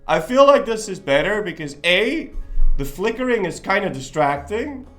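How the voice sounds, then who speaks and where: Lively, rambling man streaming a game. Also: high-pitched, normal speed, faint music behind. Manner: rambling, joking, swears freely. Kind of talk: casual live-stream chat.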